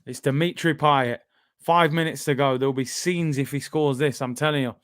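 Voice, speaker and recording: A man with a British accent hosting a live football watch-along, bantering excitably and reading out viewer comments. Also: mid-range voice, moderate pace, no echo.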